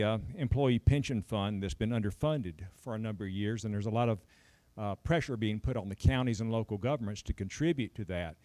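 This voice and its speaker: A man with a fairly low voice puts his questions to a panel at a town hall meeting. He hesitates and restarts often before settling into his point, and the sound is dry with no room echo. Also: darkish tone. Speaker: audience member asking questions.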